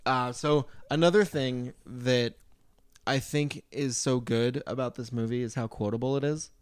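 A man's voice: mid-range voice, fairly even intonation, measured pace, smooth, dry recording, clean studio sound. A man co-hosting a casual movie podcast, eagerly retelling scenes and acting out the quotes. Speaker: podcast co-host.

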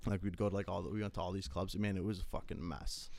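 A man's voice: low voice, flat delivery, quick pace, gravelly, darkish tone. A young man telling stories in casual chat, rambling, swearing a lot and filling his talk with fillers. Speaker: storyteller.

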